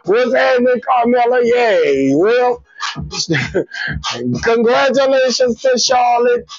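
A man's voice: extremely high pitch, sing-song, takes it slowly, vocal fry, no room sound. A man hosting a live comedy stream, running trivia and teasing viewers with profane, laughing banter over dry, dull lo-fi audio. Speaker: comedian host of a live show.

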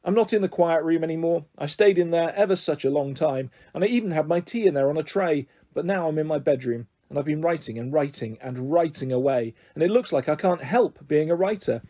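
A man reading a children's book aloud with lively, expressive narration, as the story's host. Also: fairly high pitch, brisk, hardly any pauses. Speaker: story reader.

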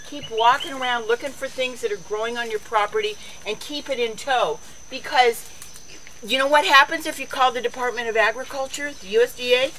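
A woman's voice: fairly high pitch, bright, forceful tone, a little hiss or hum, low-quality recording. A woman hosting a casual cooking and garden show outdoors, chatty and folksy, chatting to her animals as she goes. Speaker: host of a lifestyle show.

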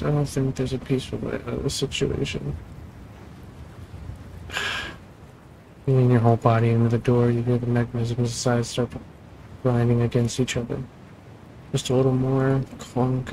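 A man's voice: mid-range voice, creaky, dark tone, a little hiss or hum, low-quality recording. A man hosting a gaming channel, reading a text adventure aloud and breaking off for casual asides about the game. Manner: reads game text, then chats in asides.

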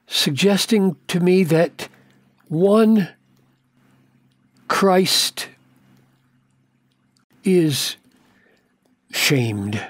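Slow, earnest older man teaching scripture. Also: high-pitched, very animated, breathy edge, no echo. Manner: earnest, deliberate, stretches key words for emphasis. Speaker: pastor. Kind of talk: Bible commentary teaching.

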